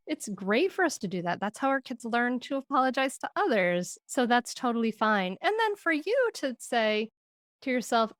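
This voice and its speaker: Gentle reflective woman guest. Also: fairly high pitch, sing-song, normal speed, no echo, clean studio sound. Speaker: podcast guest, parenting expert. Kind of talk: interview conversation.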